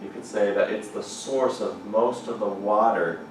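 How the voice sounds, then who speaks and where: Animated man preaching in an echoey chapel. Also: on the low side, measured pace. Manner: animated, rising to excited exclamations. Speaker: chapel speaker. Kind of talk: lively chapel sermon. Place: large echoing chapel. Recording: echoey hall from far off, background noise.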